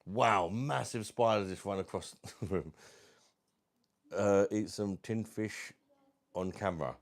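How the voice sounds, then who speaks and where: Chatty London man, lowish voice. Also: takes it slowly. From South East London. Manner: chatty and matey, calls viewers mate. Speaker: livestream host. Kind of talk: casual livestream chat, reading out comments.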